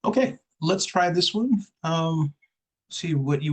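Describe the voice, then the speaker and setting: A man's voice: a little high, animated, darkish tone, rough recording. A man teaching English pronunciation in an online one-on-one lesson, patient and repeating sounds for the student to copy. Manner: patient, slow, drills sounds with repetition.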